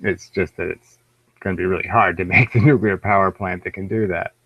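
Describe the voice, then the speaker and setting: A man's voice: low-pitched, steady tone, fairly quick. A man with an American accent hosting a live stream alone, rambling in a wry, profane, self-mocking way. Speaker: livestream host. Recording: dull lo-fi livestream audio.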